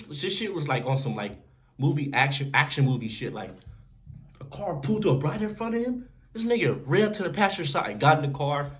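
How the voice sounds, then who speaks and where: A young man casually telling a story to camera in a slangy, animated way, often checking in with the listener. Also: medium pitch. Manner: animated, slangy storytelling with frequent "you feel me". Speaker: vlogger.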